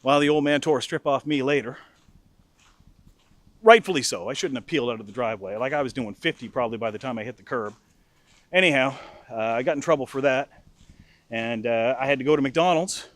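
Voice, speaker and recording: A middle-aged man telling a comic personal anecdote in an animated, mock-furious way. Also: medium pitch, fast talker, dry recording. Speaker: storyteller. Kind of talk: casual anecdote storytelling.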